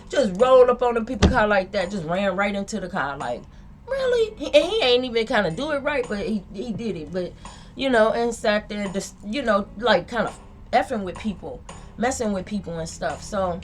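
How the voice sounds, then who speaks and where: A woman's voice: medium pitch, slight background noise. A woman who reads tarot, telling a dream in a loose, slangy, rambling monologue. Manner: slangy, rambling, repeats herself. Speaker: tarot reader. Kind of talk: casual monologue recounting a dream.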